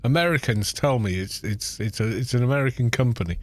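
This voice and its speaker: Medium-pitched and brisk, with no room sound, this British man live-streams a game and chats casually. He laughs a lot, sounding amused as he mocks how words are said using exaggerated put-on pronunciations.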